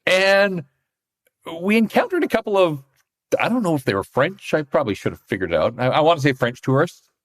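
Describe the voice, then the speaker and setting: A man with a slightly high, sing-song voice talks a little fast while co-hosting a hockey podcast. As a hockey reporter, he keeps the chat casual, spinning stories and laughing a lot.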